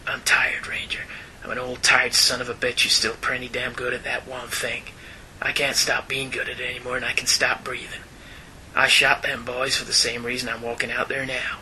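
A man voicing a grim, tired old gunfighter in a Western American accent, reading in a low, hushed drawl. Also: monotone, moderate pace, slight background noise, rough recording. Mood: weary, grim. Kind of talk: dramatic reading.

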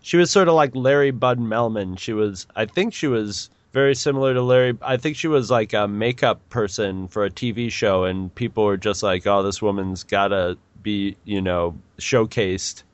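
Rambling through a casual chat with plenty of restarts and laughs, a forties-aged male podcast co-host speaks in a lowish voice. His speed is normal, he barely pauses, and there's no echo.

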